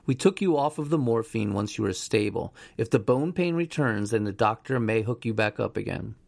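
Man doing a calm young male nurse. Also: fairly low pitch, normal speed, creaky, no echo. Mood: reassuring.

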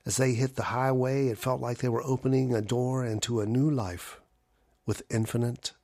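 A man narrating a horror story in a measured, low-key way. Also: level tone, warm tone.

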